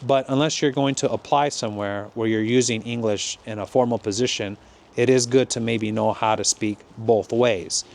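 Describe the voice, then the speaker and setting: A man from California with an American accent, giving a slow, deliberate and encouraging English lesson as a teacher. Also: mid-range voice, steady tone, gravelly, darkish tone.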